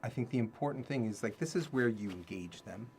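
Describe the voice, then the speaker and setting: A man's voice: mid-range voice, expressive, fairly quick, darkish tone, slight background noise. A man hosting a casual livestream talk, thinking aloud and repeating his key phrases. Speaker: livestream host teaching self-development ideas.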